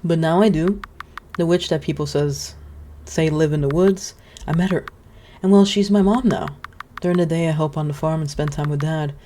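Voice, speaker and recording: A woman's voice: sits low, moderate pace, dark tone, a little hiss or hum, lightly acted. A woman voicing a shy, polite little scarecrow boy from a video game, sounding eager and earnest. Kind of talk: reading game dialogue aloud.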